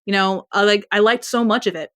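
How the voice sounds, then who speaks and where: A woman's voice: mid-range voice, steady tone, fairly quick, fairly bright tone, dry recording, studio quality. A woman co-hosting a podcast in casual chat, rambling and laughing often. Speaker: podcast co-host.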